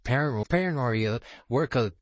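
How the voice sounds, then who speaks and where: A man's voice: medium pitch, lively intonation, a little slow, background noise, natural voice. A man voicing a stern, businesslike male federal investigator from a game, reading the lines stiffly and tripping over words.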